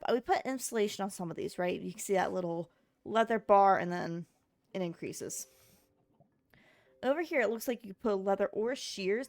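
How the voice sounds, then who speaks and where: A sleepy woman who just woke up chats casually while streaming a game. Her voice is medium-pitched and creaky, and she rambles chattily and talks to her chat.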